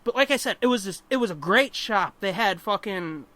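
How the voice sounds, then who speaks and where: Bright-voiced man ranting on a podcast. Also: high-pitched, fairly quick. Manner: profane, animated ranting with laughter. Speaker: podcast co-host. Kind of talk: casual chat.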